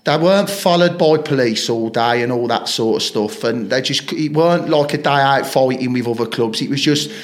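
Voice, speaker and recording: Man, podcast guest, rambling footballer stories, mid pitch. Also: moderate pace, hardly any pauses. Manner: rambling anecdotes, frequent swearing, acts out quoted lines. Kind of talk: casual storytelling interview.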